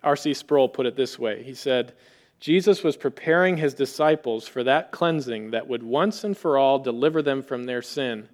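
A man preaching a sermon in an animated way, acting out quoted voices with rising emphasis. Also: medium pitch, normal speed. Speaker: pastor.

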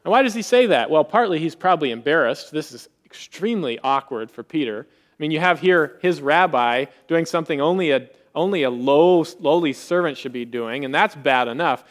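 Animated man preaching a sermon. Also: on the high side, a little fast. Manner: animated, acts out quoted voices with rising emphasis. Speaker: pastor.

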